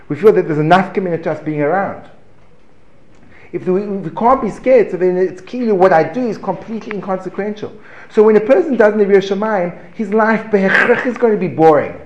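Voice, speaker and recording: A man giving a lively Torah class, asking rhetorical questions, breaking off mid-phrase and chuckling as he teaches. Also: sits high, muffled recording. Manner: animated, rhetorical questions, self-interrupting and chuckling. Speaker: religious teacher. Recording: echoey room.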